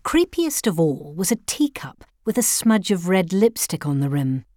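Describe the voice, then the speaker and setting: A woman reads a first-person story aloud, measured and a little wry. Her voice is fairly low, and the recording is close and dry, with no room sound. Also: very animated, warm tone, no echo. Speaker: narrator.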